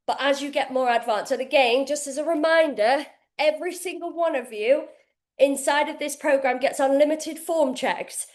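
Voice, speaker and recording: A woman coaching a workout live from her kitchen, breathless as she demonstrates moves. Her voice sits high and her talk is casual and energetic, with the odd swear word. The room gives it a noticeable echo. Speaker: fitness coach. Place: home kitchen, indoors.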